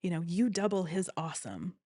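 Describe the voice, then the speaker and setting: A woman telling her own story as an interview guest, earnest and animated, often quoting what others said. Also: on the low side, fairly quick, husky, no echo, clean studio sound. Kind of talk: personal story in conversation.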